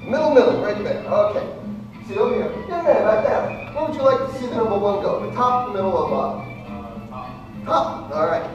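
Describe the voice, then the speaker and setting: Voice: mid-range voice, lively intonation, fairly quick, far from the mic, muffled recording. A stage magician telling a comic story with mock panic and calling up audience volunteers at a live show, recorded from the audience on a camera mic. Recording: echoey hall from afar, music behind.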